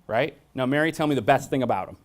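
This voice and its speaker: A man's voice: mid-range voice, fast. A man presenting a staff training workshop. He talks bluntly and jokes through his stories, and he often asks the audience questions. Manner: blunt, joking, storytelling.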